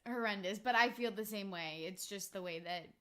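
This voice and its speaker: A young woman from Vancouver, hosting a podcast in casual chat, filler-heavy and quick to laugh. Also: medium pitch, bright, forceful tone. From Vancouver, Canada. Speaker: podcast host.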